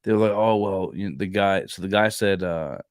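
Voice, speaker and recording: A low, smooth male voice moves briskly in a clean, echo-free studio recording. He's a Marine reservist co-hosting a casual faith podcast, telling rambling stories and acting out the quoted dialogue within them.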